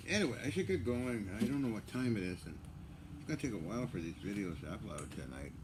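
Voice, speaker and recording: A man's voice: fairly low pitch, sing-song, fast talker, a little mellow, a little hiss or hum. Rambling, joking man vlogging. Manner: joking, rambling, often laughs. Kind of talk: casual rambling monologue.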